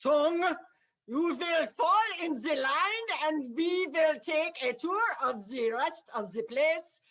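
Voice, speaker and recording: A rigid, bossy tour guide, done by a woman in a thick German accent. She barks short commands in a high voice. Improv comedy performance. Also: expressive, slow, fairly bright tone, exaggerated voice. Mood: commanding. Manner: curt commanding orders.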